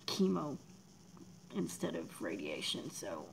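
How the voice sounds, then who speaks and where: A low, gravelly-voiced woman in her forties chats on a livestream from her desk mic, softly and with feeling. Her voice often sinks to a near whisper as she reads out viewers' names. A faint hiss sits behind her. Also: huge pitch swings, slow, low-quality recording. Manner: emotional, talks softly, drops to near whispers; reads out and thanks viewers in chat. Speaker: livestream host. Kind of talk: casual livestream chat.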